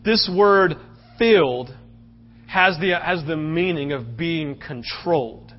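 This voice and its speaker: A male pastor delivers an impassioned sermon in a high voice. He swings between loud outbursts and hushed, low passages. The recording is dull and lo-fi. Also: takes it slowly.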